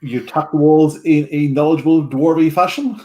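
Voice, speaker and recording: Male game master, a bit high, hesitant narrator. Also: normal speed, darkish tone. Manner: hesitant, filler-heavy narration.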